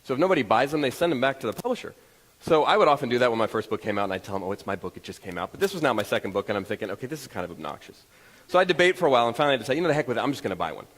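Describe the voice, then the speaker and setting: A man giving a motivational talk to an audience, telling stories in an animated, self-deprecating way. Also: mid-range voice, rapid-fire, in a large hall, poor audio. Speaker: motivational speaker. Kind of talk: storytelling keynote talk to an audience.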